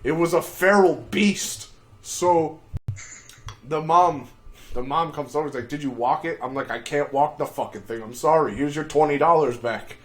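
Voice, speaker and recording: A man telling a crude, profanity-filled story on a casual livestream, with shouted outbursts. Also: fairly high pitch, normal speed. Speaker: streamer.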